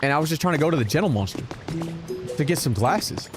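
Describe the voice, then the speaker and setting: A man with a slightly high voice tells stories while he plays a game on stream. He talks casually, swears freely and gets animated, with clear game music playing behind him. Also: fast. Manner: animated, profane storytelling. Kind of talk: casual storytelling while gaming.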